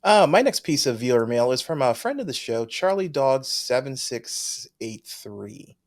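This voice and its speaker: A man's voice: mid-range voice, sing-song, measured pace. A man co-hosting a podcast, reading listener mail in a chatty way, laughing often and trailing off mid-sentence. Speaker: podcast co-host. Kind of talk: casual chat.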